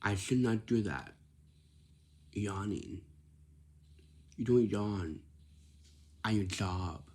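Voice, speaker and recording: A man talking casually to camera with job-hunting advice in simple, plain words, often halting and repeating himself as he lectures. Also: lowish voice, a little mellow. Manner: repetitive, halting, restarts phrases often.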